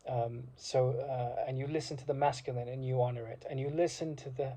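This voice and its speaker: Brisk and dark-toned, the man speaks in a mid-range voice with fairly even intonation. His informal reflective monologue as a university degree course alumnus is impassioned and rambling, broken up by fillers and restarts.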